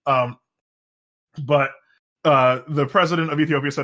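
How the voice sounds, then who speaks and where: A man's voice: on the high side, steady tone, unhurried, long pauses, a bit bright. A man co-hosting a podcast, chatting casually and sardonically about politics, rambling with frequent restarts. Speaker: podcast co-host.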